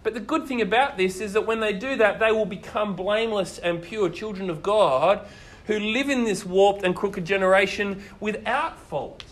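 A man preaching a sermon, telling the stories in a lively way and asking his listeners questions. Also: high voice, moderate pace. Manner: animated storytelling, asks the listeners questions.

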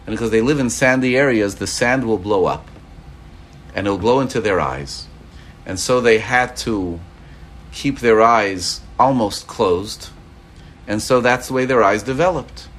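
Male religious teacher, lively storyteller, somewhat low voice. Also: a little hiss or hum. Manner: animated storyteller acting out quoted dialogue. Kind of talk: Torah class lecture.

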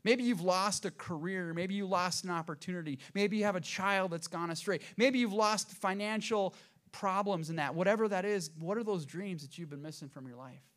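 Bright-voiced man preaching a sermon. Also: high voice, normal speed. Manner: conversational, joking asides, frequent restarts. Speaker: pastor.

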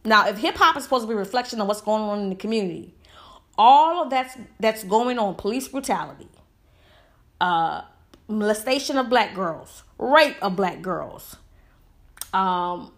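A woman's voice: mid-range voice, animated, normal speed, fairly bright tone. A woman giving a heated, emphatic opinion monologue full of rhetorical questions. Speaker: commentator.

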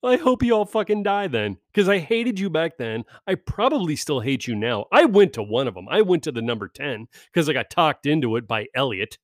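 A middle-aged man on a podcast, ranting sarcastically and swearing constantly, mocking people in high put-on voices. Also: sing-song, normal speed, few pauses, no room sound, studio quality. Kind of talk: profane comedic rant. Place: California.

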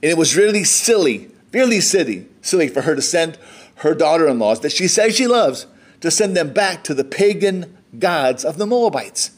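A man's voice: fairly high pitch, big pitch swings, normal speed. Conversational American man preaching a sermon. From United States. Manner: conversational preaching, reading scripture aloud with voiced quotes. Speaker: pastor.

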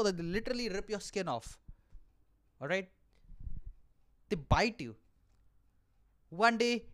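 A man's voice: high-pitched, a bit bright. A man hosting his own podcast, delivering a comic, profanity-filled rant and checking in with the listener with repeated asides. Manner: profane, exaggerated ranting with frequent "all right?" asides. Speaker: podcast host and aspiring stand-up comedian.

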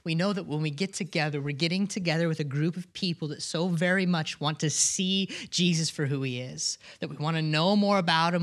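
A woman pastor with a low voice delivers an earnest sermon at normal speed with few pauses, frequently restarting, repeating words, and questioning the congregation.

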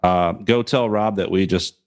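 A man's voice: deep voice, a little slow. A man hosting a podcast in casual chat, laid-back and playful, swearing easily. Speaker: podcast host.

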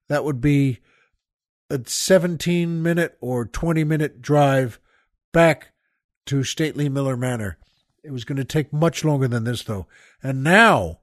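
An older man hosting a podcast, telling a rambling story with many halting restarts and asides to the listeners. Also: mid-range voice, no echo, studio quality. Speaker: podcast host. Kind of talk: casual storytelling monologue.

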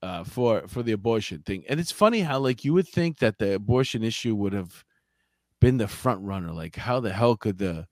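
Rambling, excitable man in his fifties. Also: on the low side, normal speed, no room sound, clean studio sound. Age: 50s. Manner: animated storyteller, rambling and excitable. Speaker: podcast co-host. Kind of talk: casual banter. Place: Los Angeles.

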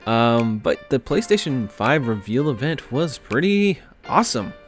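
A man's voice: mid-range voice, very animated, measured pace, soft background music. A man hosting a podcast, telling a personal story in a casual, chatty way with many fillers and restarts. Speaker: podcast host.

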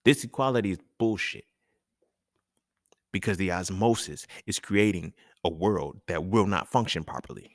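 Deep animated man ranting casually. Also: dry recording, clean studio sound. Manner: animated, profane, laughs often. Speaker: podcast host. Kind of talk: casual monologue.

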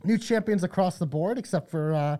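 A man's voice: high-pitched, warm tone. A man co-hosting a casual wrestling podcast, reading out plugs and giving his takes with energy. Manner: upbeat, reads plugs quickly. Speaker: podcast co-host.

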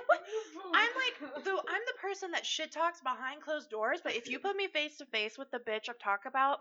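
A woman co-hosting a podcast, telling a family story in casual chat, animated and swearing freely as she acts out quotes. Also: high-pitched, fairly quick, highs cut off. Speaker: podcast co-host.

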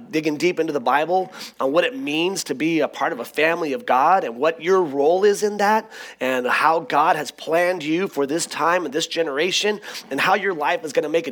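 A middle-aged man preaching a sermon as pastor, in a conversational, animated storytelling manner. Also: on the high side.

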